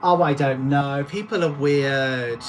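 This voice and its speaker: A woman's voice: very deep voice, takes it slowly. A young woman, chatting casually in a vlog while making cash envelopes, giggly and joking as she rambles. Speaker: budgeting vlogger. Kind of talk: casual chat while doing a craft task.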